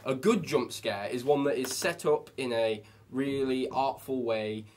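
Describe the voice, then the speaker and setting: A man co-hosting a film review podcast in casual chat, animated and often laughing. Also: a little slow, a little hiss or hum. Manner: animated, laughing, excitable, voice jumps higher.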